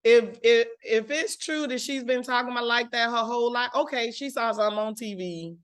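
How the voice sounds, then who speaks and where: A woman from Mississippi, co-hosting a casual chat recapping reality TV, blunt and animated and quick to laugh. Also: fairly high pitch, clean tone. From Mississippi, USA. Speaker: podcast co-host.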